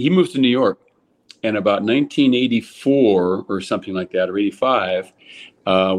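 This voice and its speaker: An older man from California, a former baseball player, telling lively stories in a casual interview and acting out the quotes. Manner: animated storyteller, acts out quotes with raised pitch.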